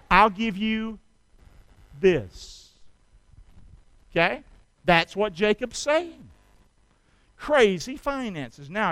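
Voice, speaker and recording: Middle-aged male preacher, bright forceful tone, swings between soft asides and loud calls to the congregation. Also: high-pitched, no room sound, poor audio. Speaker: pastor. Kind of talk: sermon.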